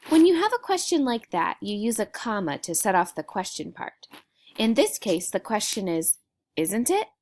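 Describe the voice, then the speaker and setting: A woman teacher explaining a grammar lesson to young students in a clear, patient way. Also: medium pitch.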